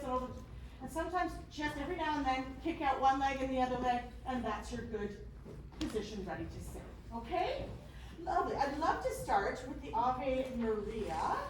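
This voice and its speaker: High, lively woman coaching a choir. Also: noisy background. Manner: encouraging, demonstrates vowels by singing them. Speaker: choir clinician. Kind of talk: choir workshop instruction. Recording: echoey hall from far off.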